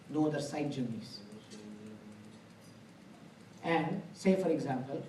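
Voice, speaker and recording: A fairly high-pitched, dark-toned male voice carries a little hiss or hum. The speaker is a spiritual lecturer in a temple hall, chatting earnestly and simply with homely examples, recorded on a distant mic that gives a roomy sound.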